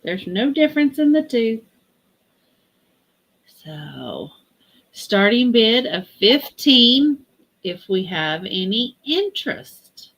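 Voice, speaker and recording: Woman, live sale host, very slow deliberate pace, chatty, item-by-item pitch. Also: very animated, a bit bright. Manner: unhurried, chatty, reads out measurements. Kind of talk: live-stream sales pitch.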